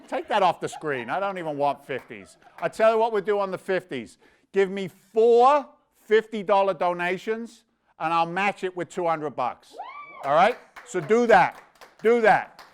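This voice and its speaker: A man hosting a fundraising gala, energetic and joking, rambling as he pushes for donations. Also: high-pitched, smooth. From London. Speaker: gala emcee. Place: virtual event, live stream.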